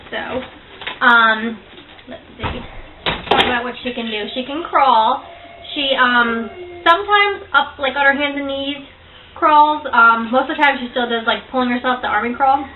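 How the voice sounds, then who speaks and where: A woman's voice: sits high, moderate pace. A young woman and mother, chatting casually to the camera in a rambling way with many fillers. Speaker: vlogger, mother. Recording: tinny phone-like sound, faint hiss.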